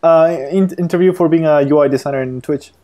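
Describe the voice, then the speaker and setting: A man's voice: a little high, fairly quick, warm tone. A man from America, co-hosting a podcast chat, joking and hesitant with many fillers. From South America. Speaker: podcast co-host. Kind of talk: casual chat.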